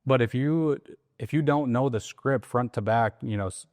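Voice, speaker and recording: A man coaching on sales calls in a casual interview, animated and acting out softer and louder phone voices. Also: medium pitch, moderate pace, no echo. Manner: animated, acts out soft and loud sales calls. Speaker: sales trainer.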